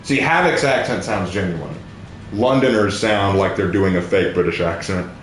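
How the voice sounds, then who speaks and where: A man's voice: sits low, moderate pace. A man streaming a game, bantering and teasing in a casual joking way, cursing freely. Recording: echoey room, faint noise.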